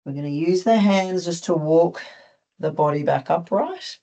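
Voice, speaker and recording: An instructor with an Australian accent calmly guiding a group through stretches, gently instructive with light touches of humor. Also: mid-range voice, measured pace. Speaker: movement instructor. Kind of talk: guided stretching class.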